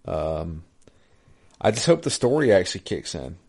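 A man co-hosting a podcast, chatting casually about video games in a relaxed, self-correcting way. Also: low voice, moderate pace, husky. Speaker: podcast co-host.

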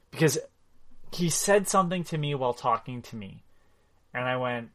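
A man telling a friend about a game he played, animated and loose with his swearing. His voice sits at an ordinary middle pitch. He acts out the lines as he goes. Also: measured pace, long pauses. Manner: animated storytelling, swears freely, acts out quotes. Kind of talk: casual chat recapping a video game.

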